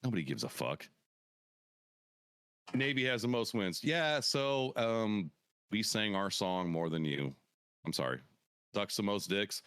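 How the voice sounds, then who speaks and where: Man, very low voice, brash profane trash talk, casual podcast host, dry close sound. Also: big pitch swings, measured pace, long pauses, a bit bright, clean tone, dry recording.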